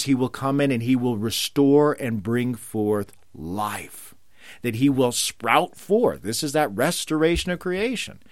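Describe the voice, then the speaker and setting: Male preacher, mid-pitched and very animated delivery, scripture lines lifted high, dry close recording. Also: no room sound. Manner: lively, rising to ringing emphasis on scripture quotes. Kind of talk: sermon.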